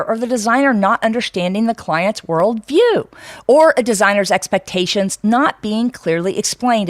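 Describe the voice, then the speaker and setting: A woman co-hosting a podcast, talking frankly and casually with plenty of fillers and restarts. Her voice sits at a middle pitch, and the sound is dry and close. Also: dry recording. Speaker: podcast co-host.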